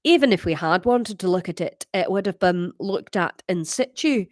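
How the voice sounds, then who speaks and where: A woman voicing a brisk female Scottish police officer in a wobbly, self-conscious put-on Scottish accent. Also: medium pitch, lively intonation, a little mellow, dry recording, clean studio sound, lightly acted. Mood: explaining. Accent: attempted Scottish.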